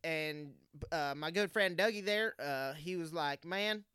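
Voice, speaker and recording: A man playing a folksy, boastful racing spotter who talks slowly and formally with many fillers in an improvised comedy interview. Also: fairly high pitch, bright, forceful tone, smooth, dry recording, clean studio sound. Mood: storytelling. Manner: slow, formal, full of fillers. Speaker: race spotter.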